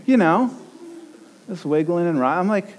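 Animated, high-voiced male preacher. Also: normal speed, rough recording. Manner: animated storyteller, acts out quotes with rising pitch. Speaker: pastor. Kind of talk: sermon with personal story.

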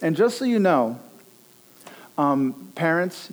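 A middle-aged man preaching a sermon, telling stories with lively, animated delivery and acting out bits of dialogue. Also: mid-range voice, moderate pace. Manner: animated storytelling, acts out dialogue. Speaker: pastor.

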